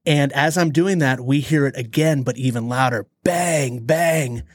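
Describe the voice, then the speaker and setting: A man co-hosting a podcast, telling a story in a lively, dramatic way. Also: medium pitch, dry recording, clean studio sound. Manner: animated storyteller, dramatic pauses. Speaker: podcast co-host. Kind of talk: casual storytelling chat.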